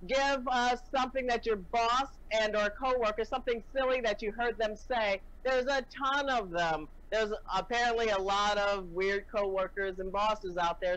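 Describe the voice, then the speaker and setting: Brief: woman improv host, mid pitch, wry, laughs easily. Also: a bit bright, muffled recording. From Los Angeles. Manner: laughing, wry, quick comebacks. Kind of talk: improvised comedy scene.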